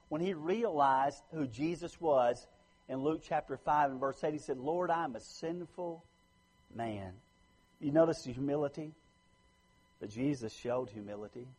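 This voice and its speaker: A man from the United States preaching a sermon, swinging between loud emphatic lines and low quiet ones. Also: breathy edge, rough recording. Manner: lively preaching, rising loud for emphasis then dropping low.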